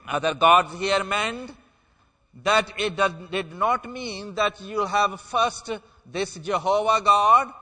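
Man, preacher, high voice, very bright tone, slow emphatic delivery, church hall reverb. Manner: emphatic, slow and deliberate, stressing key words. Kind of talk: sermon.

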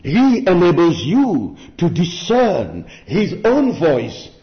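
A man preaching in a slow, deliberate sermon with a fairly high, very lively voice that climbs and drops for emphasis. He keeps putting rhetorical questions to his listeners. The recording sounds dull and lo-fi. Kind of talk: expository sermon.

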